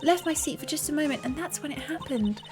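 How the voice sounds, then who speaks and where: A woman voicing a demure young female witness in a hushed, breathy voice. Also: high-pitched, lively intonation, fast talker, over music, pitched above the performer's own voice.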